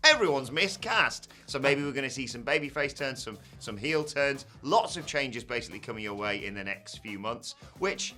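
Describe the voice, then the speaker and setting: A wry British man gives his opinions with dry, sarcastic asides. His bright, forward voice sits at a middle pitch, and faint music plays beneath it. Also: moderate pace, few pauses. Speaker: co-host of a news show. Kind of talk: casual news chat.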